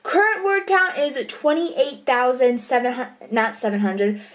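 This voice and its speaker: A woman talking in a casual vlog diary at home, chatty, bubbly and quick to correct herself. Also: sits high, very animated. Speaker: vlogger and co-writer of a book.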